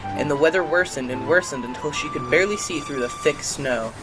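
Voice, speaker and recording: A narrator telling a children's train story in an expressive, sing-song way. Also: medium pitch, a little fast, music in the background.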